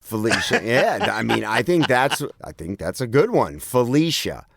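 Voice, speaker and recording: A man's voice: medium pitch, very animated, normal speed, vocal fry, dry recording, studio quality. A man hosting a podcast in casual chat, playful and laughing often. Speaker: podcast host.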